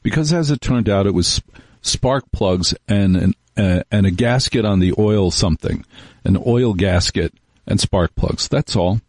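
A middle-aged male radio host with a low, slightly husky voice, rambling casually through wry anecdotes into a studio microphone. The sound is dry and close, with no room around it. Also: unhurried, darkish tone, no echo. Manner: rambling, wry, storytelling with acted-out quotes. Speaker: radio talk show host.

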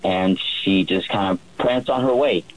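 A man who works as a yacht chef, telling a relaxed story on the radio with many fillers and restarts. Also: sits low, measured pace, poor audio.

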